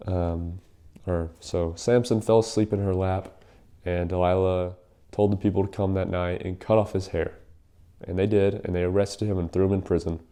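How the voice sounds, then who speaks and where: A man's voice: sits low, dark tone. A young man casually retelling a Bible story in a rambling, slangy way, with lots of fillers.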